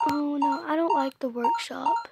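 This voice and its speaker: A woman hosting a game video, chatting excitably and often dropping into a whisper. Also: high voice, unhurried, loud music behind the voice. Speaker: gaming video host. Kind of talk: let's play commentary. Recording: noisy, with clicking sounds.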